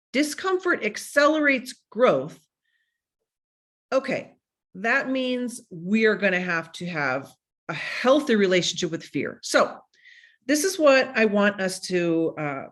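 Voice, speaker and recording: Woman motivational speaker, middle pitch, very expressive and upbeat coaching delivery. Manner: energetic and animated, playfully acting out dialogues. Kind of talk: motivational talk.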